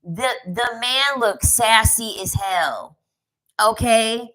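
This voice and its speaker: A woman's voice: a little high, slow pace, a bit bright, rough recording. A woman giving a casual commentary rant, sassy and emphatic, often repeating her lines for effect. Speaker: commentary vlogger.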